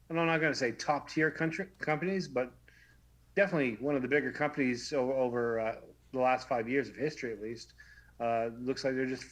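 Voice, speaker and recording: Brief: male co-host, mid-pitched, relaxed matter-of-fact news chat. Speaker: podcast co-host. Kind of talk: casual chat, giving industry news.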